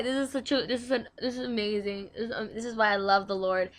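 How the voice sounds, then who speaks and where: A woman's voice: a little high, fairly even intonation, fast. A young woman in a casual devotional reading, chatty and stumbling over words as she reads aloud. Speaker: devotional video host.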